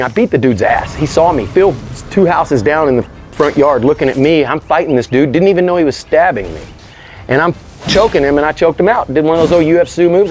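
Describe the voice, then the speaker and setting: A man telling a story as an interview guest, animated and slangy, swearing freely. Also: on the high side. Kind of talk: casual storytelling.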